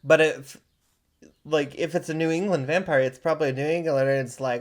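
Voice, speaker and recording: A podcast host with a middle-pitched voice who reads a slow, suspenseful horror narration and then slides into loose, joking banter with a co-host. The delivery is lively and playful in conversation. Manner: slow and dramatic in narration, jokey and animated in chat. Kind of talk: scripted horror narration, then casual chat.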